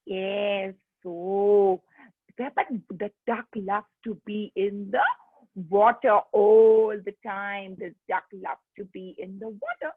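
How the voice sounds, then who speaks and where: Sing-song woman teacher, husky and slow. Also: mid-range voice, steady tone, no echo. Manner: coaxing, sing-song, getting kids to join in. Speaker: teacher of young children. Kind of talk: online kids' lesson. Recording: tinny phone-like line.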